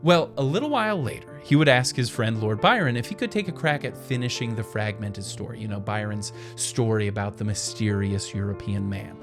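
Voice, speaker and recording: A man's voice: fairly low pitch, expressive, a little fast, few pauses, over music. A man narrating a history video essay in an enthusiastic, chatty and playful way.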